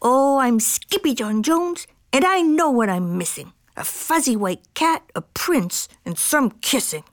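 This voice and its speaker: Storybook kitten hero, high and boastful, sing-song with Spanish flair, read by a woman. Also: lively intonation, unhurried, few pauses, dry recording, studio quality. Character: boastful little male kitten who thinks he's a chihuahua.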